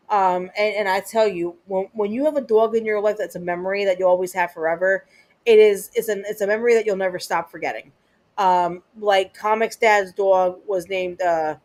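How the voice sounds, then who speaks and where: A woman's voice: mid-range voice, a little mellow. A woman in her thirties hosting a livestream, chatting casually with her viewers, rambling and cursing, with lots of fillers and restarts. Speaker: livestream host.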